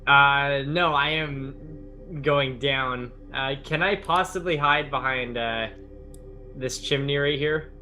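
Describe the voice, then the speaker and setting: A man's voice: mid-range voice, takes it slowly, bright, forceful tone, soft background music. A man playing a tabletop game in casual chat, giggly and heavy on fillers. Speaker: player.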